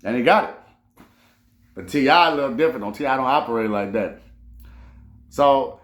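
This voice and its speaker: A New Orleans man hosts a casual commentary monologue at a moderate pace, his mid-range voice reverberating. He's animated and profane, rambling and frequently starting over.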